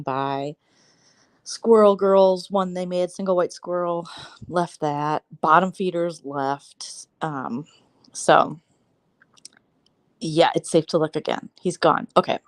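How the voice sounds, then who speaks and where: A woman vlogger chatting casually on a late-night live stream from home on her phone, giggly and quick to react dramatically. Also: low voice, steady tone, dry recording, clean studio sound. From Southern California. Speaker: vlogger hosting a live chat. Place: at home, settled somewhere comfy.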